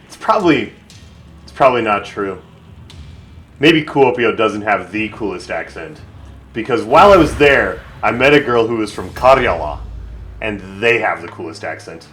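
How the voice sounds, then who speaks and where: A man's voice: lowish voice, expressive, normal speed, fairly bright tone, a little hiss or hum. A man streaming a video game, chatting casually and thinking aloud with lots of fillers. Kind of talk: casual live gameplay commentary.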